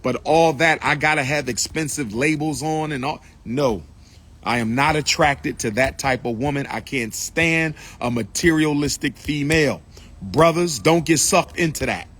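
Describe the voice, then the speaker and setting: A man's voice: on the high side, fairly bright tone. A man giving an impassioned live address outdoors beside a school building, repeating his points in a preaching cadence and drawing out his lists. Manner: emphatic, repetitive preaching cadence with slowed, drawn-out lists. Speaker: public speaker addressing a live audience.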